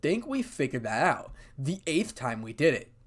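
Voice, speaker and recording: A man's voice: mid-range voice, sing-song, normal speed, husky. Man doing a teasing cat-girl devil. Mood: playful.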